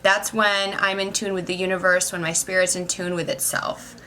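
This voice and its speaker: Bright-voiced young woman, rambling vlog. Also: on the low side, little pitch movement, normal speed. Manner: emotional, rambling, says "like" constantly. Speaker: vlogger, social worker. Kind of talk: casual personal vlog.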